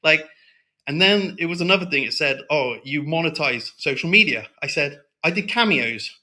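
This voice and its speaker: A man's voice: a little high, animated, moderate pace, bright, forceful tone. A man talking as a guest in a casual interview, heated and blunt, swearing often and tagging lines with "right?".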